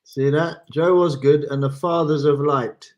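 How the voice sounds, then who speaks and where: A man speaks over a video call with a slightly higher voice. He hesitates a lot, filling gaps with ums and restarting his sentences. The tone stays relaxed and conversational. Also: a little slow. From England. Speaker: guest singer. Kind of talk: casual video call chat.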